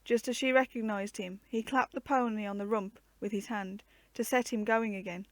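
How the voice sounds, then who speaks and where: Woman storyteller, fairly high voice, dry close sound; measured book reading. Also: dry recording. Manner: measured, expressive narration. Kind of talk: reading a children's adventure book aloud.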